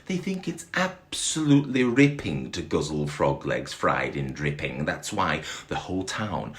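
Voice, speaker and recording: Man storyteller, very deep voice, gravelly, slow, expressive reading with lots of pitch movement. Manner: dramatic, animated, laughs along with the story.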